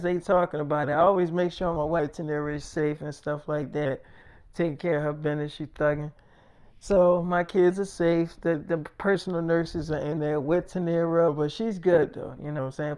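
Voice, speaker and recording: A man's voice: fairly high pitch, darkish tone, smooth. A man telling a loose, profane, rambling story in a casual monologue, full of fillers and asides.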